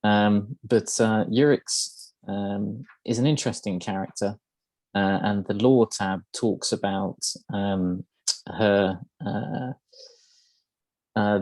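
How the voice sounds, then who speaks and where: A man's voice: fairly low pitch, darkish tone, no room sound. A man hosting a podcast, explaining game lore in casual chat, hesitant and full of ums and uhs. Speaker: podcast host.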